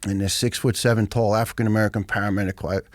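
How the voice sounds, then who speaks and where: A middle-aged man, telling his story as a podcast guest in a blunt, profane, animated way. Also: on the low side, quick pace, dry recording. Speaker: guest, retired firefighter.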